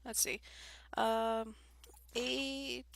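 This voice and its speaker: Stuffed-up woman talking through a game, kinda high and crisp, rambles on. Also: little pitch movement, extremely slow, a bit bright, a little hiss or hum. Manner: chatty and rambling, with small laughs. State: congested. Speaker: gaming video host. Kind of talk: casual game commentary, reading game text aloud.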